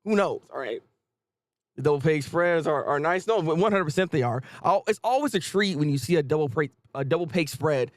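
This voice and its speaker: A man with a high, lively voice chats through a live reaction, jumping up and down in pitch as he talks. He stammers and restarts often, and the sound is dry and close. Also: fairly quick, no room sound. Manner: chatty, animated, stammering restarts. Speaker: manga reaction host.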